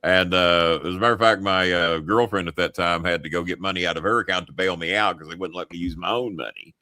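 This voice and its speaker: An older man with a bright, forceful voice tells long, rambling stories full of swearing. He laughs into his own sentences and circles back often. The sound is dry and close. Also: deep voice, quick pace, no echo. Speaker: show host. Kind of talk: profane comic storytelling.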